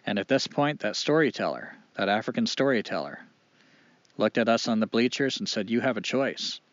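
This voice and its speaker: A man telling a fable aloud, animated and expressive with dramatic pauses. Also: fairly low pitch, no echo. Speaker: storyteller. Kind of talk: oral storytelling. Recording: dull lo-fi dry recording.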